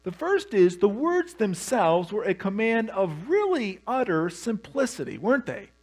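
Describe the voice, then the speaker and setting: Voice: medium pitch, big pitch swings, measured pace, darkish tone. A pastor preaching a sermon, telling the story with humor and animation.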